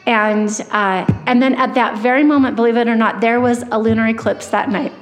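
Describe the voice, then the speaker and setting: A woman with a slightly high voice and fairly even intonation speaks a little quickly as she shares her personal testimony at church. She tells her story earnestly, with plenty of fillers and restarts. The hall adds a long reverb, and faint music plays in the background.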